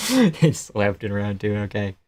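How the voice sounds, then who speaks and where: A man's voice: lowish voice, very animated, measured pace, darkish tone. A young man hosting a live fight reaction stream, reading chat aloud, swearing and laughing often as he jokes. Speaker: livestream host.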